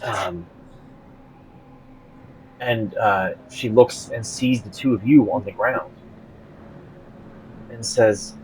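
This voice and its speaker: A man narrating as game master of a tabletop game, halting with many fillers and restarts. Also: lowish voice, slight background noise, low-quality recording.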